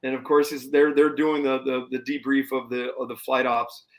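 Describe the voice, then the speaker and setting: Male musician guest, mid-pitched, lively raconteur, chatty podcast delivery. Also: moderate pace, low-quality recording. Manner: animated storyteller who acts out quoted people. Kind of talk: casual storytelling interview.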